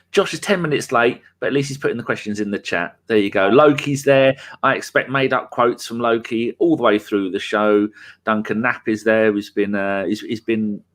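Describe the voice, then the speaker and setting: A man's voice: medium pitch, a bit bright. A man from England hosting a casual football podcast, teasing his co-hosts and joking with listeners. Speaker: podcast host.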